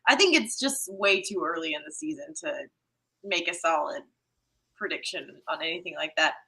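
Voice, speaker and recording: A woman gives measured opinions on a casual sports roundtable, pausing to think. Her voice sits a little low but sounds bright and crisp. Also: sing-song, rough recording. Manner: measured, thinks aloud with "um" pauses. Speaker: podcast co-host.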